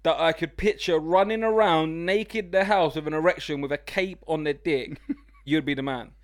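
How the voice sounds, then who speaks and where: A man hosting a comedy podcast, loud, teasing and often laughing. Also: fairly high pitch, normal speed. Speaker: podcast host. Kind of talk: casual comedy chat.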